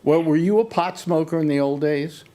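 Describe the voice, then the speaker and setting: A man's voice: fairly high pitch, normal speed, warm tone. An older man hosting a casual talk show, rambling through stories with many restarts. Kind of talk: casual chat.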